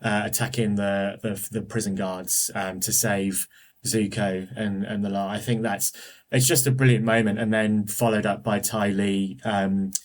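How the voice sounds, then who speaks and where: A man's voice: lowish voice, little pitch movement, measured pace. A man talking as a guest on a podcast, enthusiastic and often restarting his sentences. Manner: enthusiastic, many restarts and fillers. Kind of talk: casual podcast discussion.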